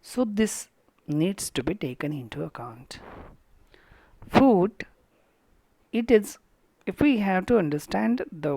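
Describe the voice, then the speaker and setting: A woman with an Indian English accent gives a college lecture on English meter, speaking deliberately and often pausing, restarting and filling with "uh" and "mm". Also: mid-range voice, dark tone, dry recording. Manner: halting, deliberate, with fillers and restarts.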